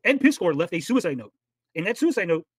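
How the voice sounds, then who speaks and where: A man's voice: sits high, big pitch swings, fast talker, husky, no room sound. A man hosting a livestream, arguing heatedly and swearing as he reacts to clips. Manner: heated, argumentative, swears a lot. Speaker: livestream commentary host. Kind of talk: casual profane stream commentary.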